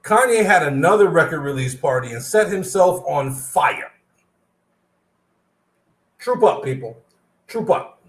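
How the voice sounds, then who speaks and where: A man co-hosting a casual chat show, talking in an animated way and drawing out words for emphasis. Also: on the high side, a little slow, pauses often. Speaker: co-host. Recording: echoey room.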